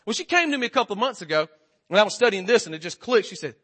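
A man's voice: sits high, lively intonation, fast talker, bright, forceful tone. A man in his forties preaching a sermon in a conversational, joking way, often quizzing the congregation. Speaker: pastor.

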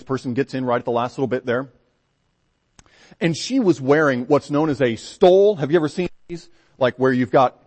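A man's voice: medium pitch, a little mellow. Folksy preacher man telling a story. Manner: folksy, conversational, frequent restarts. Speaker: Baptist pastor. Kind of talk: storytelling sermon.

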